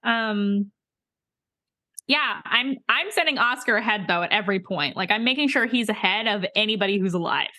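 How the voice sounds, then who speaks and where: A woman playing in a tabletop role-playing game, chatty and animated, often laughing and apologizing. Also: medium pitch, moderate pace, no echo. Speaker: player. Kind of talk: casual tabletop play and chat.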